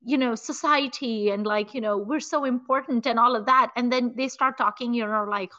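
Woman podcast host, casual film chat, fairly high voice, slightly muffled lo-fi sound. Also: moderate pace, hardly any pauses. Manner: animated retelling with lots of "like" and "you know".

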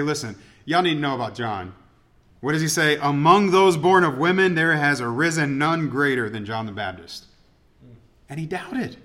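A man's voice: a little high, bright, forceful tone. A man preaching a conversational sermon, with self-deprecating joking asides. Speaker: pastor.

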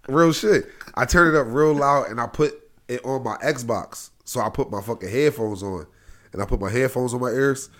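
A man co-hosting a casual, crude chat, telling stories with loud outbursts and frequent laughter. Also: medium pitch, sing-song, moderate pace. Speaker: podcast co-host.

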